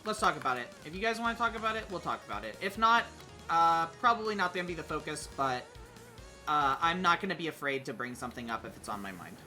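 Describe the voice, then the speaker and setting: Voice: mid-range voice, expressive, fast, pushed and bright, faint music behind. A streamer chatting casually while playing a game, hesitant with many fillers and restarts, sometimes humming tunes. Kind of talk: casual gaming stream chat.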